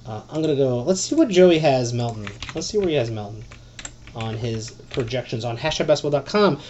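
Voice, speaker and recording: A man hosting a solo fantasy basketball podcast, rambling and excitable, with lots of fillers and some swearing. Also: medium pitch, a little fast, lo-fi sound, slight background noise.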